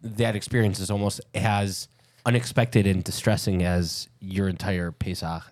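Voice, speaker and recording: A man's voice: low-pitched, level tone, a little slow, a little mellow, dry recording. A man hosting a casual chat podcast, asking probing questions and steering the talk. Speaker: podcast host.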